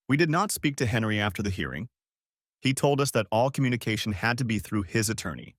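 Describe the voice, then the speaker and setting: A man voicing a soft-spoken middle-aged wife in an audiobook story, narrating and pleading in a gentle manner. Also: lowish voice, no room sound, studio quality.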